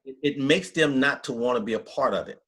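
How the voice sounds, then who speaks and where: A man's voice: medium pitch, a little fast, fairly bright tone, slightly rough. A middle-aged man, a pastor, telling his story in an interview with emphatic, earnest country talk. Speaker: pastor, guest.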